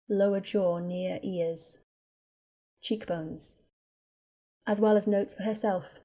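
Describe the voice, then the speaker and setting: A female narrator reading a story aloud in a steady, measured manner at a middling pitch. The delivery is plain audiobook storytelling.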